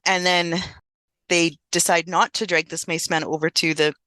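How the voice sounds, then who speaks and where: A woman's voice: on the low side, level tone, normal speed, bright, forceful tone, no room sound. A woman co-hosting a podcast, casually recapping a film plot with lots of fillers. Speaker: podcast co-host. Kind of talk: casual movie review chat.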